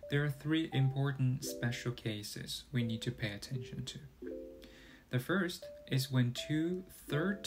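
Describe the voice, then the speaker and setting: A man teaching Chinese tones, explaining carefully and demonstrating each sound one at a time. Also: mid-range voice. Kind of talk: slow explanatory language lesson. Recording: guitar music behind the voice.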